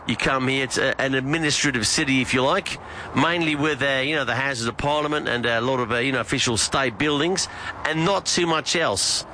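A man's voice: medium pitch, pushed and bright, a little hiss or hum, lightly acted. A man playing a laid-back male field reporter, rambling with lots of fillers. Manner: casual, rambling, full of fillers and "mate".

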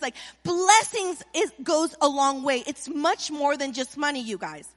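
Casting note: middle-aged woman pastor, high voice, lively call-and-response sermon, long church-hall reverb. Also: measured pace, hardly any pauses. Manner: animated preaching with call-and-response.

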